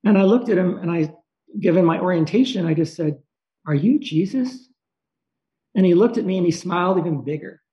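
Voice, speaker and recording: A man telling a personal story in a halting, emotional way, pausing and restarting often. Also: sits high, dark tone. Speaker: speaker sharing a personal story. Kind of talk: personal storytelling, reflective monologue. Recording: dull lo-fi recording.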